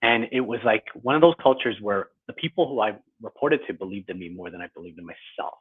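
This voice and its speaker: A man's voice: lowish voice, animated, quick pace, husky. A man in his forties, a guest author, talking through his career in a reflective, lightly self-deprecating way. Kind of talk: conversational interview. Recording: tinny phone-like line.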